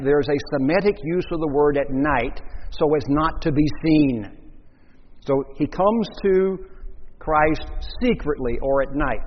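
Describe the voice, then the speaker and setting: A man's voice: fairly high pitch, husky, long reverb tail, highs cut off. A man preaching a sermon, telling a story and acting out the voices of the people in it. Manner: storytelling, acts out quoted voices.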